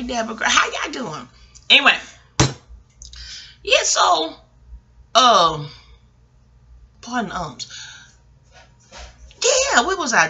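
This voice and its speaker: A woman's voice: on the high side, gravelly, bright, forceful tone. A woman, rambling through a casual, profane TV recap at home, digressing and laughing often. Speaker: vlogger reviewing a TV episode. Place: home, near a kitchen.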